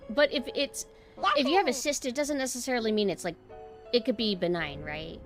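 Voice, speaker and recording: A woman streamer chatting casually with her viewers in a dry, deadpan monotone. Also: fairly high pitch, fairly quick, soft background music.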